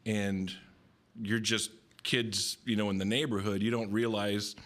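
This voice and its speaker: Guest, man with a Southern Californian accent, lowish voice, easygoing storyteller. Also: unhurried. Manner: relaxed storytelling, mixing in Spanish slang. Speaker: guest, pedal builder. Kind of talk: casual chat.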